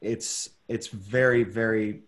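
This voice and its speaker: A man giving a gentle, encouraging acting critique over a video call, pausing often to search for words. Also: on the low side, fairly even intonation. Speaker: masterclass teacher.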